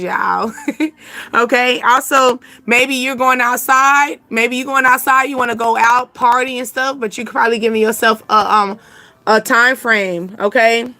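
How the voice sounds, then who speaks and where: A woman's voice: on the high side, sharp tone, dry recording. A woman hosting a casual live reading, rambling chattily and answering comments from her chat. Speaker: channel host giving intuitive readings.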